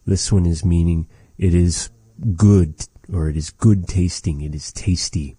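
A male language teacher talks in a deep, mellow voice, slowly and patiently explaining each word and repeating it. The sound is dry and close, with no room around it. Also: fairly even intonation, slightly rough, dry recording. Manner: slow, patient, repeats words after recordings. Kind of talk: language lesson.

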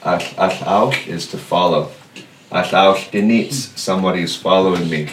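A man teaching a language class, patiently explaining and slowly repeating words for his students. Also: deep voice. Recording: echoey room, distant mic, faint noise.

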